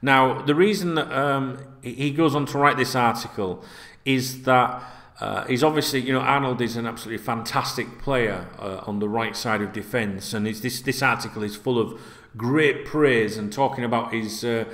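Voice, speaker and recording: A man hosting his own football vlog, talking straight to camera in a loose, rambling way and swearing often. His voice sits at an ordinary middle pitch. The room around him rings with noticeable echo. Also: fairly even intonation, normal speed, a bit bright. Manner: chatty, swears freely, rambling asides. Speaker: football vlogger. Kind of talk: casual direct-to-camera vlog.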